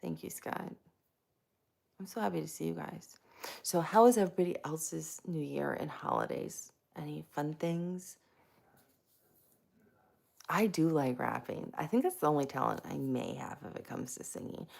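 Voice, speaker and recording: A woman's voice: low-pitched, lively intonation, moderate pace, vocal fry, pauses often, a little mellow. A woman hosting a casual live stream, chatty and self-mocking, greeting viewers by name.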